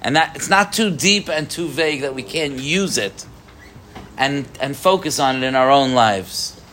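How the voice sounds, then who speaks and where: A man teaching a Torah class to a live group, animated, with rhetorical questions and frequent restarts. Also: mid-range voice, measured pace, slight background noise.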